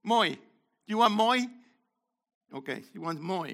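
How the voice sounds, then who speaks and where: An older man preaching an interactive sermon, questioning the congregation and calling on people, moving between loud exhortation and quiet asides. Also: sits high, animated, a little slow, vocal fry.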